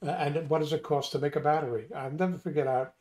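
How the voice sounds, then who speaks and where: A man's voice: fairly high pitch, fairly even intonation, quick pace, a little mellow. Rambling man host thinking aloud. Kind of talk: casual chat.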